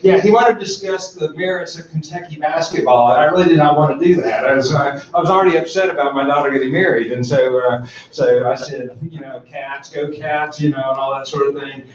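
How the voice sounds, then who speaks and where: A man's voice: on the high side, fast, a little hiss or hum. A middle-aged man giving a conference talk, telling a humorous personal story in a folksy, rambling way with many fillers and restarts. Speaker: conference speaker. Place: large conference room. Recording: echoey hall, distant mic, dull sound.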